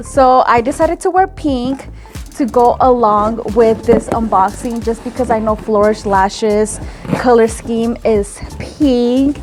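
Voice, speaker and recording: A woman's voice: a little high, unhurried, a little mellow, faint music behind. Bubbly young woman gushing over an unboxing. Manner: bubbly, gushing, giggly, exclamatory. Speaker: lash extension YouTuber. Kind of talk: excited unboxing vlog.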